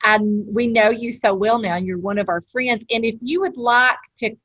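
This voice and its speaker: A woman's voice: on the high side, moderate pace, fairly bright tone, no room sound, muffled recording. A woman hosting a podcast interview, enthusiastic and effusive toward her guest. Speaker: podcast host. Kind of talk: casual interview chat.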